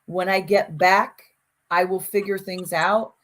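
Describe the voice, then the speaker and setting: Animated woman co-host chatting. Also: fairly low pitch, a little slow. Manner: animated storyteller, frequent restarts and acted-out quotes. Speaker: podcast co-host. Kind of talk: casual conversation.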